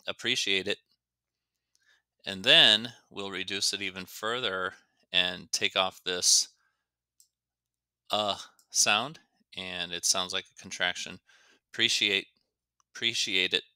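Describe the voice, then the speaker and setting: This English teacher has a low-pitched voice that's bright, forceful, clear and resonant, recorded with no echo. He carefully explains grammar at a slow pace, drawing out words to show how they're said.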